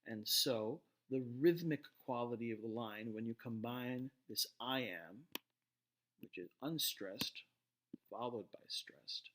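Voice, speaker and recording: A man lecturing to a class at a middle pitch, explaining step by step. He often pauses, restarts his words and checks in with the listener. The tone is plain and instructive. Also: background noise. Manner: explanatory, frequent fillers and restarts, asks "right?".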